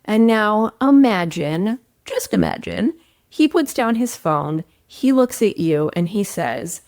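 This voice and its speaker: A woman hosting a relationship-advice show, talking straight to her audience in an expressive, emphatic way that often swings upward. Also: medium pitch, takes it slowly, no room sound, clean studio sound. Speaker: relationship coach and host. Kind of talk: direct-to-camera relationship advice talk.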